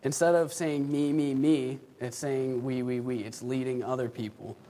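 A man's voice: mid-range voice, fairly even intonation, normal speed, dark tone. A young man giving a sermon in a church, telling stories and laughing often between phrases. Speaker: youth speaker. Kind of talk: sermon with storytelling.

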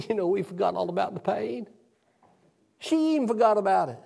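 An older male pastor, possibly, preaching a sermon. He tells a personal story and reads scripture aloud, dropping low and soft for emphasis. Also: lively intonation, normal speed, creaky, pauses often, husky.

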